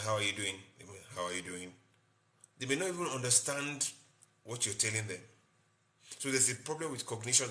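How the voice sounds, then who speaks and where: Bright-voiced man giving a live health lecture. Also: fairly low pitch. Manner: explains in short repeated phrases, greets viewers by name. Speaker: doctor hosting a live health talk.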